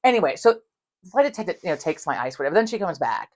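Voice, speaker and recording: Woman podcast co-host, low-pitched but very lively, profane, acts out dialogue in her stories. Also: racing. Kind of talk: casual chat, storytelling.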